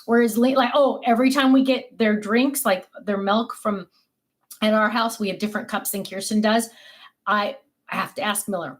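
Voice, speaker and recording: An older woman hosting a crafting livestream, chatting casually to her viewers and telling animated family stories. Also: mid-range voice, normal speed. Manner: chatty, animated storytelling with laughs.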